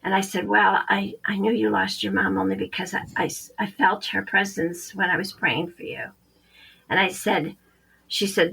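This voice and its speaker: Woman medium telling a story on a podcast, kinda gravelly and husky, acts out all the voices. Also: mid-range voice, poor audio. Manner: animated storyteller, acts out quoted dialogue. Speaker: psychic medium.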